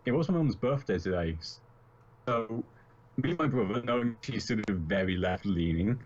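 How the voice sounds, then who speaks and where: Lower-voiced guest on a muffled video call, dry and quick to laugh. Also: male voice, expressive, a little mellow. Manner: laughs often, dry asides. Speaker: podcast guest. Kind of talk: casual chat over a video call. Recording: lo-fi internet call.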